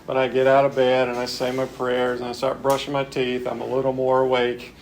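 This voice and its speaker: A man's voice: mid-range voice, completely flat delivery, fairly quick, slight background noise. A man giving a reflective, plain-spoken recovery talk as a speaker at a men's spiritual retreat. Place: retreat gathering.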